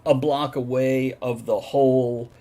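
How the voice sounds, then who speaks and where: A man's voice: medium pitch, fairly even intonation, a little slow, warm tone. A man running a tabletop game as game master, who explains the scene methodically and laughs often.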